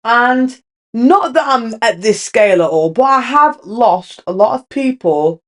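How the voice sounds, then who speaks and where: A woman's voice: on the high side, expressive, measured pace. A young woman, hosting her own podcast, talking candidly and rambling with many restarts. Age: young adult. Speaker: podcast host. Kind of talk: casual solo chat.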